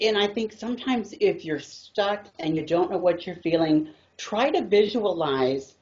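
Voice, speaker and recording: Low-voiced woman, earnest tarot guest. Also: darkish tone. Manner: earnest, rambling storyteller. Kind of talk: casual chat about tarot. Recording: dull lo-fi audio.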